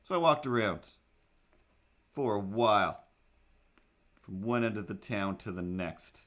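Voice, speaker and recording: Animated man telling a story casually. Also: measured pace. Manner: animated, acts out quoted thoughts in a higher voice. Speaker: livestream host. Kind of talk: casual storytelling while drawing.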